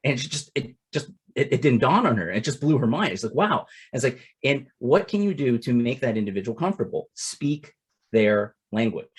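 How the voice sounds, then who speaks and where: A man's voice: mid-range voice, sing-song, fairly quick, hardly any pauses, breathy edge. A man in his forties from Toronto, Canada, giving a casual instructional talk as a capital-raising coach. He talks conversationally and often drops in "it's like" and "right?". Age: 40s.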